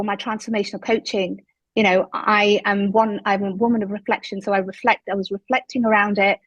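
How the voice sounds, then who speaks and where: A woman, a guest telling her story in an interview, emphatic and lively when she quotes what people said. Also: mid-range voice, no echo, lo-fi sound. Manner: animated, emphatic retelling with quoted dialogue.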